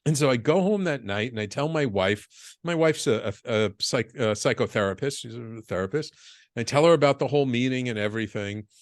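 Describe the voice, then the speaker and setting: A middle-aged man guesting on a podcast, telling his business story with lively acted-out dialogue and stumbling restarts. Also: mid-range voice, brisk, dry recording, clean studio sound. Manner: animated storyteller, acts out quoted dialogue, frequent restarts. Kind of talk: storytelling interview.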